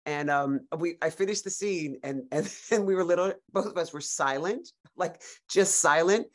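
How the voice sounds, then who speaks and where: A woman actor as a podcast guest, telling lively stories in a casual, animated way with frequent restarts. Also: fairly low pitch, moderate pace. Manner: animated storyteller, many restarts and laughs.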